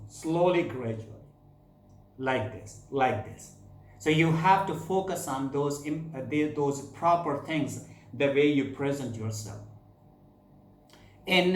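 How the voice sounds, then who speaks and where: Echoey-room man giving career advice. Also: on the high side. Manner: repetitive, fillers, demonstrates gestures. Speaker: HR advice presenter. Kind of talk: advice talk to camera.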